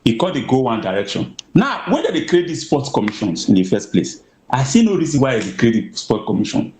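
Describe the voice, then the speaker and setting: A man's voice: medium pitch, sing-song, a little fast, a little mellow, echoey room, slight background noise. A man with a Nigerian Pidgin accent speaking as a guest in casual commentary, emphatic with stammering restarts.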